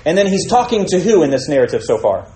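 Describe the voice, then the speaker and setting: A man's voice: fairly high pitch, sing-song, fast, warm tone, roomy sound, low-quality recording. A man teaching a Bible study, reading scripture aloud and explaining it with questions to his listeners.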